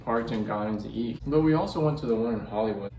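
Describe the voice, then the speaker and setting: A young man hosting a casual food vlog, upbeat and excitable, chatting while he eats. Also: mid-range voice, fast talker. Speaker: mukbang vlogger host. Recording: echoey room, distant mic, faint noise.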